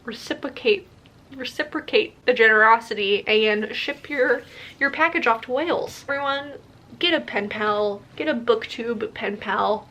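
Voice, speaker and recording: Young woman, slightly high voice, chatty book vlogger, gushing with quick asides. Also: a bit bright. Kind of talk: casual vlog Q&A and book unboxing.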